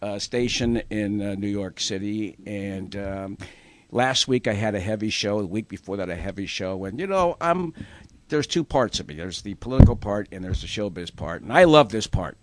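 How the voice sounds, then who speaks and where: A man hosting a radio show, chatting about show business in an animated way and laughing often. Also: fairly low pitch, moderate pace, a little hiss or hum. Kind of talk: casual showbiz chat.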